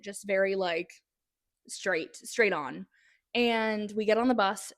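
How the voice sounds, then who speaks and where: A young woman telling a story to her camera in a casual, animated way, full of restarts and "like"s. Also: mid-range voice, no echo, studio quality. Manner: animated, breathless retelling with many "like"s and restarts. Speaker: vlogger.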